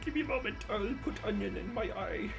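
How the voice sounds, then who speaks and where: A woman's voice: mid-range voice, expressive, fast, vocal fry, music in the background. A woman streamer reacting casually to videos, blunt and profane, who often laughs and exclaims. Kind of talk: casual live-stream commentary.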